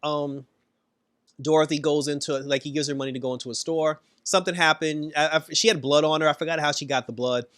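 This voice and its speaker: A man casually recapping and reviewing a TV episode, animated, laughing often and acting out the characters' lines. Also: on the high side, a little fast, smooth, dry recording, clean studio sound.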